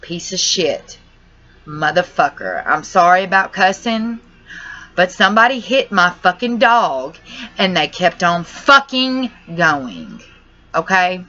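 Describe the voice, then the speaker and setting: A woman's voice: on the low side, big pitch swings, slow pace, bright, forceful tone. A young woman tells her channel about a family crisis in a rambling, distressed way, cussing now and then. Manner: distressed, rambling, says y'all and cusses. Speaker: vlogger. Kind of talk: emotional personal vlog. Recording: dull lo-fi audio.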